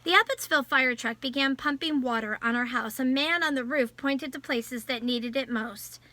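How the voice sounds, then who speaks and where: A woman reading a novel aloud in a measured storytelling voice. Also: high-pitched, pushed and bright, no echo. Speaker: audiobook narrator. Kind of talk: scripted novel narration.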